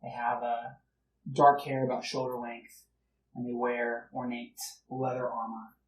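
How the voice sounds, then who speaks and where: A man running a tabletop game as game master, narrating in a relaxed, hesitant way. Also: medium pitch, measured pace, muffled recording, a little hiss or hum. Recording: roomy, distant mic.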